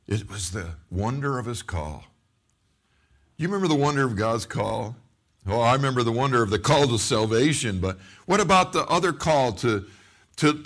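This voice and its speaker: A middle-aged man preaching a sermon as a pastor, telling stories with acted-out quotes and frequent repeated words and restarts. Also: lowish voice. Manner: animated storytelling with acted-out quotes.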